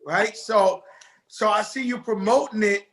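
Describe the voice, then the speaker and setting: A man's voice: sits high, measured pace, a bit bright. A middle-aged man with a New York accent, talking loosely and jokingly as a guest on a video call. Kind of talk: casual interview talk.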